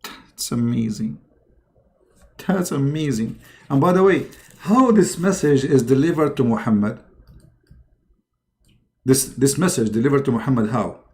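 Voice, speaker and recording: A man's voice: medium pitch, expressive, measured pace, long pauses, darkish tone. A man hosting a mocking religious commentary, talking sarcastically in broken English. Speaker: host.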